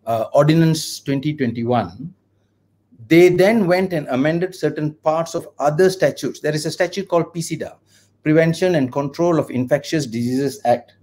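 A man's voice: on the high side, normal speed, a little mellow. A middle-aged man with a Malaysian English accent, a lawyer guest on an online video interview, talking in an impassioned, ranting way.

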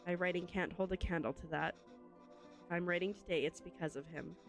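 An earnest young adult son, weighed down by guilt and unsure of himself, read aloud by a woman from a story game. The voice sits fairly low and plain. There is a faint bed of game music behind it. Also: steady tone, a little fast, close to an everyday voice. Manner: reads game dialogue aloud in a near-plain voice.

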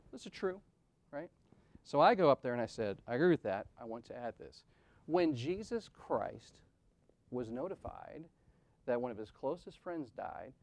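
Middle-aged male conference speaker, heartfelt storyteller, punchy rhetorical questions, shifts from booming to hushed. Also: normal speed, no echo. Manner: animated, rhetorical questions, swings from loud to soft. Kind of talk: personal storytelling talk.

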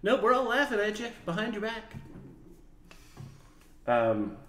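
A man's voice: high-pitched, a little slow. A man casually telling a work story to camera, acting out the people in it. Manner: animated storyteller, acts out other people's voices. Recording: echoey room with faint background noise.

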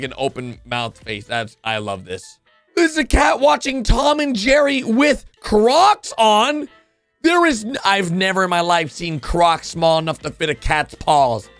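A man giving casual, excitable commentary as he reacts to funny videos, breaking into exclamations and jumping from one thought to the next. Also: sits high, moderate pace, no echo, faint music behind.

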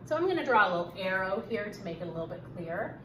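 A woman teaching a recorded fourth grade reading lesson, speaking slowly and emphatically and encouraging her students. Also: medium pitch, big pitch swings, a little hiss or hum, poor audio.

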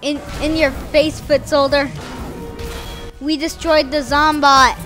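A woman giving excitable live commentary over her own gameplay, chanting sound effects and repeating phrases as she plays. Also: sits high, takes it slowly, faint music behind. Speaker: gaming video host.

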